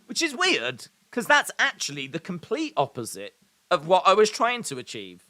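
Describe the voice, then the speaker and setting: A man's voice: sits high, wildly swooping pitch, normal speed, pushed and bright. A man hosting a live watch-along, calling the action and reading viewer comments aloud with dry, sarcastic humour. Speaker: live stream host reacting to wrestling.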